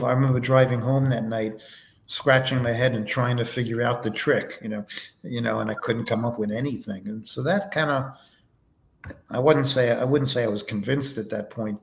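A man as a podcast guest, answering interview questions in a relaxed, anecdotal way with many fillers. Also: medium pitch, moderate pace, gravelly, reverberant. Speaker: podcast guest, foundation vice president.

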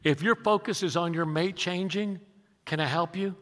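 Bright-voiced older pastor preaching in a hall. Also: male voice, high-pitched, normal speed. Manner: emphatic, rallies congregation with questions. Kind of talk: sermon. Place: large church sanctuary. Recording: long reverb of a large hall.

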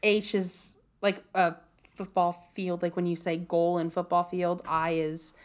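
A woman from Ohio co-hosting a podcast, chatting casually and acting out quoted exchanges with lively energy. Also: fairly low pitch, a little slow. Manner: animated storyteller, acts out quotes with laughter. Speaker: podcast co-host. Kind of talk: casual chat.

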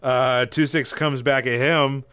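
A man's voice: mid-range voice, fairly even intonation, slow, pushed and bright, clear, resonant tone, dry recording, faint music behind. A man running a live tabletop game as game master, narrating casually with many fillers and restarts.

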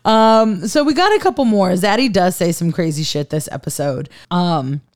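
A woman's voice: on the low side, animated. A young woman co-hosting a podcast in casual chat, giggly and enthusiastic. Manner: giggly, enthusiastic, quick to agree. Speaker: podcast co-host.

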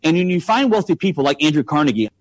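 A man's voice: fairly high pitch, sing-song, quick pace. A man talking money on a podcast, emphatic, full of rhetorical questions. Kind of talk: casual podcast chat.

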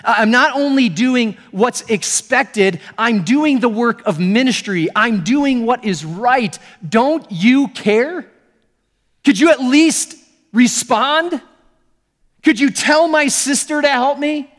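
A man's voice: very high-pitched, slow pace, fairly bright tone, big-room sound, pitched above the performer's own voice, exaggerated voice. A man voicing an anxious, overworked woman who pleads with God in exasperation. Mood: pleading.

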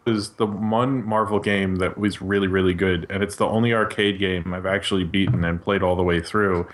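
A man's voice: deep voice, steady tone, moderate pace, a little hiss or hum. A man co-hosting a podcast, chatting casually in a rambling, joking way that keeps interrupting itself. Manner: rambling, jokey, self-interrupting. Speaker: podcast co-host. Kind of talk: casual chat.

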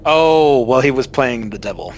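A man's voice: medium pitch, animated, poor audio. Guy talking movies, mid voice, keeps losing his words, faint hiss behind. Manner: searching for words, drawn-out enthusiasm. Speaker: podcast guest. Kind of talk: casual chat about films.

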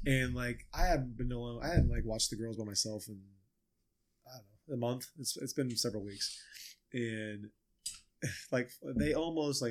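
A young man in casual chat, telling lively stories and jumping into little acted voices as he goes. His voice sits at an ordinary middle pitch and he hosts the conversation. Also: normal speed. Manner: animated storyteller acting out voices. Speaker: podcast co-host.

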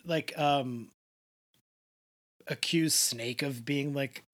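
A man co-hosting a podcast, chatting casually and jokily about a TV episode. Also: mid-range voice. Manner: animated, jokey, quick asides. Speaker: podcast co-host. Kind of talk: casual recap chat.

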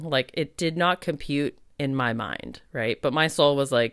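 A woman's voice: very deep voice, unhurried, fairly bright tone, no echo, clean studio sound. A woman who works as a spiritual medium, hosting a casual solo podcast and speaking candidly with lots of fillers, laughs and the odd swear. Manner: chatty and candid, heavy on "like", laughs and swears freely.

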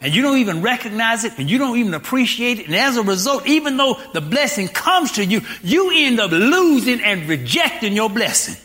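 Pastor, 60s, preaching; bright, lively delivery with rhetorical questions. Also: mid-range voice, a little fast, few pauses. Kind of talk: sermon.

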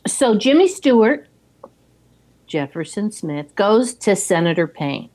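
A woman casually recapping a film from her notes, playful and animated. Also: medium pitch, slow pace.

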